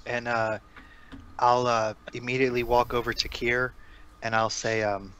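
A man playing a tabletop game, calmly describing what his character does. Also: medium pitch, moderate pace, a little hiss or hum. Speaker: player. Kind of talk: casual chat.

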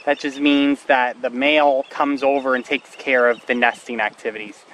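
A man filming wildlife outdoors by a marsh, musing aloud and soothing a bird in a gentle, coaxing way. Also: mid-range voice, flat delivery, moderate pace, low-quality recording. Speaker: wildlife videographer. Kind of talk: casual narration while filming. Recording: outdoor wind and ambient noise. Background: wind, birds and passing vehicles.

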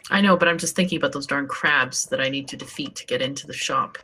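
A woman's voice: extremely low pitch, fast talker, bright, forceful tone, breathy edge. A woman co-playing a farming game, chatting casually, explaining things and laughing often. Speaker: co-op gaming guest. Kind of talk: casual let's-play chat.

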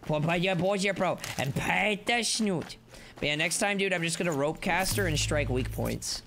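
High gravelly-voiced excitable male streamer. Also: normal speed, a little hiss or hum. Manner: excitable, playful, rambling, chats to viewers. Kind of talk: live gameplay commentary.

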